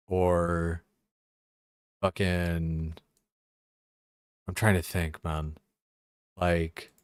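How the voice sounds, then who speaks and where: A man's voice: deep voice, fairly even intonation, extremely slow, long pauses, clean tone, dry recording, clean studio sound. A young adult man streaming a game, chatting casually and rambling with lots of swearing and filler words. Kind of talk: casual chat while gaming.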